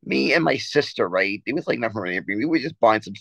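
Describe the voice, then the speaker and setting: A man's voice: mid-range voice, animated, quick pace, creaky, a bit bright, breathy edge, no room sound, low-quality recording. A man co-hosting a casual sports podcast, telling a story in a rambling way with many restarts and stammers. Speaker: podcast co-host.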